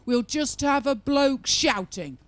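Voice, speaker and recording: Woman comedian, stand-up set, sarcastic crowd teasing, fairly high voice, swoops up and down. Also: expressive, slow. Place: live comedy venue with audience.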